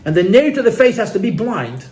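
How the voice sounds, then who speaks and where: With a high, darkish voice and a quick pace, a rabbi tells stories very animatedly to a gathered audience. He is earnest and sincere, repeating himself and using Yiddish and Hebrew terms in a room with listeners.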